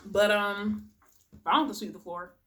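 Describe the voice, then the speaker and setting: A young woman talks to her camera while she eats, rambling about her cooking and dropping soft murmurs between bites. Her voice sits at a middle pitch for a woman, and she breaks into easy giggles as she goes. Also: fairly even intonation, normal speed, very noisy. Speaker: vlogger. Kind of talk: casual mukbang chat.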